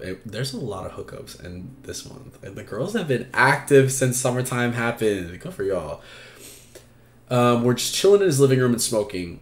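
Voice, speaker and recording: On his advice livestream, a man talks in a chatty, frank way, cursing freely and filling gaps with fillers. His medium-pitched voice is very animated at a moderate pace, and the recording has a roomy sound.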